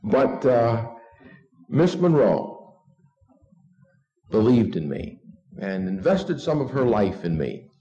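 A man's voice: mid-range voice, sing-song, takes it slowly, long pauses, mellow. Earnest male preacher, dull lo-fi tape. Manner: earnest, leads the congregation in repeating a text. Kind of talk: evening sermon. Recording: dull lo-fi recording.

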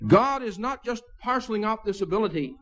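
A high-voiced male pastor delivers a sermon in a relaxed, conversational style, fairly quickly, with asides and soft chuckles. The recording sounds dull and lo-fi.

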